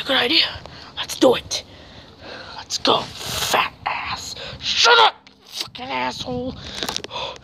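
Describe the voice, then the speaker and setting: A woman acting out every character in a homemade zombie drama, swinging between shouted curses and hushed whispers. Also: sits high, vocal fry, slight background noise.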